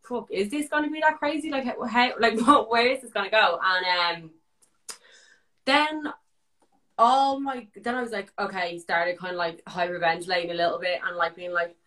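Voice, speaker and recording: A young woman with an Irish accent, a guest telling a story in casual chat, animated, swearing freely and full of "like" fillers. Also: medium pitch, normal speed.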